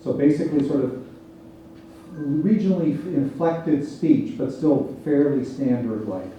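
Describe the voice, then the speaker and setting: A man lecturing in a big, echoey hall, heard from a distance with faint noise behind him. His voice is very dark and mellow. He explains with small laughs and checks in with the audience as he goes. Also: mid-range voice, a little slow, muffled recording. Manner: explanatory, laughs between points, asks the audience "right?". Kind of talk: public lecture Q&A.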